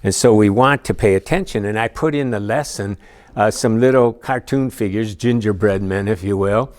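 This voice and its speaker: A man's voice: on the low side, darkish tone. A man giving a conversational church lesson, telling personal stories with frequent asides. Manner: storytelling with personal anecdotes, many asides. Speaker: church teacher. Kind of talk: conversational teaching talk.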